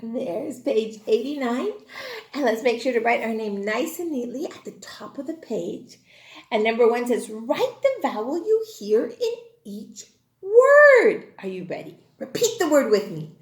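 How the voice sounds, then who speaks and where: A high, lively woman teaching a recorded kindergarten phonics class. She speaks slowly with a sing-song, encouraging manner, and her voice rings in an echoey room. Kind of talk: recorded online class lesson.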